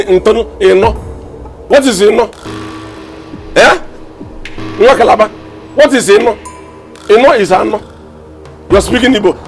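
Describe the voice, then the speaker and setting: An actor playing a hungry, scheming gateman who complains loudly, with a Nigerian accent and pidgin-laced talk. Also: high-pitched. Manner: loud, indignant, pidgin-laced banter. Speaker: gatekeeper. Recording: film soundtrack with loud music.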